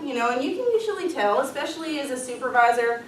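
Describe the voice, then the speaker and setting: A woman's voice: high-pitched, expressive, fast, a little hiss or hum. Upbeat woman leading a workshop. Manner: upbeat, casual, frequent ums and light laughs. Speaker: workshop presenter. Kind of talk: leadership workshop talk. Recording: echoey room, voice from far off.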